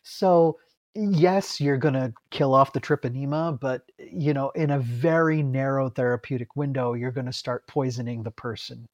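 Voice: mid-range voice, fairly even intonation, normal speed, darkish tone. A podcast co-host who laughs often and explains pharmacology casually.

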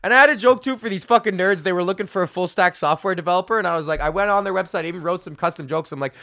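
A man's voice: sits high, racing, dry recording. Man, 30s, podcast host, profane storytelling, dry close sound. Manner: profane, animated, quoting people in put-on voices. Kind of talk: casual storytelling rant. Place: home office.

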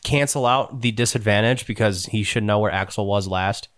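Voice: medium pitch, moderate pace. An easygoing game master running a tabletop game, teasing the players and laughing along.

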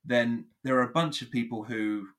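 A man from England explaining rap rhyme in a relaxed conversational way, animated and playful, laughing easily. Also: medium pitch, normal speed.

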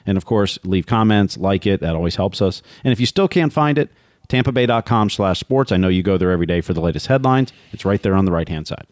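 A man co-hosting a sports podcast, briskly reading listener mail and giving plugs. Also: sits low, lively intonation, darkish tone, dry recording, clean studio sound. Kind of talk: casual chat.

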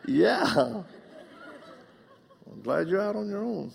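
A middle-aged man preaching a live sermon, animated and joking, acting out the voices in his stories. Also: high voice, slow pace, gravelly, slight background noise. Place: church auditorium. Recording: long reverb of a large hall.

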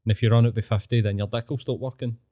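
A Scottish man on a podcast, teasing his host with crude banter and quick laughs. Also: medium pitch, fairly even intonation, warm tone, no echo, studio quality. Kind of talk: casual chat.

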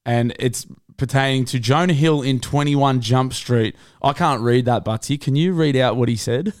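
A man co-hosting a podcast, telling crude stories in a relaxed way. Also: medium pitch, moderate pace. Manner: relaxed storytelling, crude jokes, laughing. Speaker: podcast co-host. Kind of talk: casual banter.

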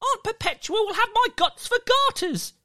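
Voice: animated, normal speed, bright, forceful tone, no echo, clean studio sound, full character voice. A storyteller voicing a tiny, nervous boy from a hidden little folk in a children's story, stammering and anxious. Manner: stammering, anxious, high and breathless.

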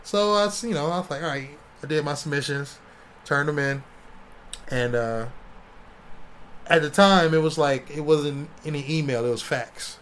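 A man from Ohio in his forties, a comic artist telling stories in a casual interview, animated and swearing freely. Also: on the high side, normal speed, slight background noise. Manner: animated, swears, acts out quotes.

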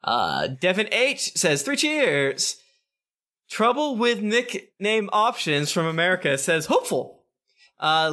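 A man co-hosting a podcast, rattling off listener reviews in a quick, casual read-through and laughing along. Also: high voice, fairly bright tone.

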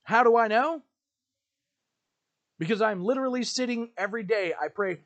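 A man's voice: sits high, moderate pace, long pauses, a bit bright. A man hosting a podcast, delivering an emphatic, ranting monologue with lots of repetition. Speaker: podcast host.

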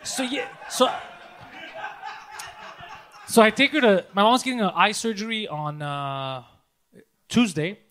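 A man co-hosting a casual podcast, telling animated, profanity-laced stories and laughing often. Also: high-pitched, a little slow, long pauses, slight background noise. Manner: animated storytelling, swears a lot, laughs often. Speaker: podcast co-host.

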